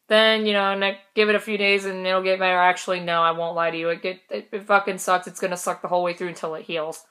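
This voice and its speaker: A woman's voice: mid-range voice, little pitch movement, fairly quick, fairly bright tone, clean tone. A young woman casually telling a story in a vlog, chatty and laughing, swearing now and then. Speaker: vlogger.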